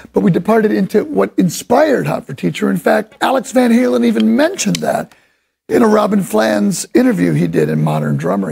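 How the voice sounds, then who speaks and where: A man giving a casual, enthusiastic drum lesson, rambling from one point to the next and sometimes voicing drum rhythms out loud. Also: high voice, creaky, husky. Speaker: drum instructor.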